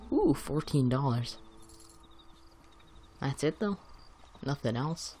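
A man's voice: mid-range voice, very animated, slow pace, long pauses, mellow, soft background music. Playful man commentating on gameplay. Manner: playful, jokey, talking to the game. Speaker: gaming host.

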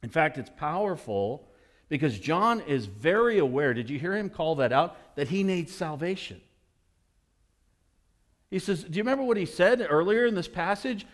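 Animated high-voiced male pastor preaching. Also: normal speed. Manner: animated, acts out voices of people in the story; asks the congregation questions. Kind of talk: sermon. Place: church.

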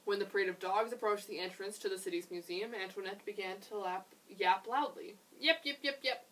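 Young librarian lady doing story time, gentle and expressive, mic a bit far away. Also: medium pitch, fairly quick, a little hiss or hum. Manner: gentle, expressive, chatty asides. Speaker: children's librarian. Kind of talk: reading a picture book aloud.

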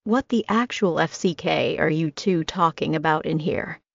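Nasty bullying best man snapping at people, woman reader doing him, gravelly. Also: sits low, moderate pace, no echo, dull audio. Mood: angry. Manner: shouting, snapping. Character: menacing brutish male best man.

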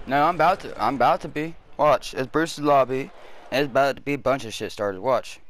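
Playing an online racing game with friends at home, a man rants into his headset, profane and angry, talking heatedly to his teammates. His medium-pitched voice is brisk, and the recording is rough.

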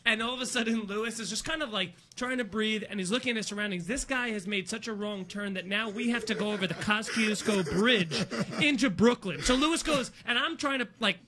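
A man on a podcast, telling an animated story with shouted, cursing re-enactments. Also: high-pitched, fairly quick, a crowd in the background. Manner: excitable, acts out shouting and cursing. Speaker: comedian guest. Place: podcast studio.

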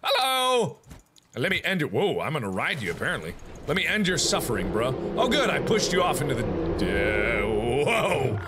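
A man's voice: mid-range voice, sing-song, moderate pace, very noisy. A man reacting to gameplay with laughing, jokey asides.

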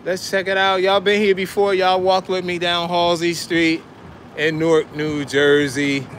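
A man's voice: high voice, little pitch movement, a little slow, fairly bright tone, a little hiss or hum. A man hosting a casual walk-and-talk vlog, upbeat and talking straight to his viewers as he walks through the city and into a restaurant. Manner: upbeat, addresses viewers as y'all. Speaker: vlogger. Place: city street, then inside a restaurant.

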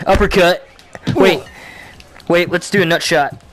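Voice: mid-range voice, a little slow, a little hiss or hum. A gamer giving casual commentary over a virtual reality game, trash-talking the opponents playfully, swearing a lot and giggling. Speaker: gamer playing a VR brawling game.

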